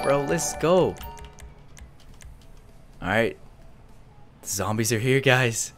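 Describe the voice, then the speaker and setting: A young man giving excited live commentary as he streams a game, jumping from mumbling to shouts and laughter. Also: mid-range voice, takes it slowly, long pauses, soft background music.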